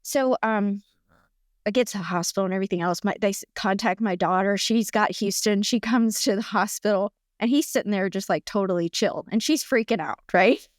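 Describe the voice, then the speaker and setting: A middle-aged woman, a podcast guest, telling a personal story in a chatty, animated way with lots of fillers and restarts. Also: mid-range voice, a little fast, no echo, studio quality. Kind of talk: casual storytelling in conversation.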